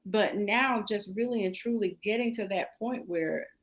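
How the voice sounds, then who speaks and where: A woman's voice: medium pitch, moderate pace, rough recording. A woman in her forties, a guest in a casual interview, talking candidly and laughing often. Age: 40s. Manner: candid, laughs often, repeats "really and truly".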